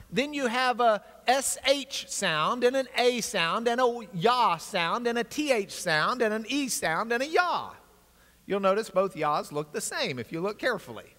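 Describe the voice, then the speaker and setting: A man teaching a Bible class in an energetic, animated lecture style, with asides to his class. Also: very high voice. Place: large church classroom. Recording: long hall reverb.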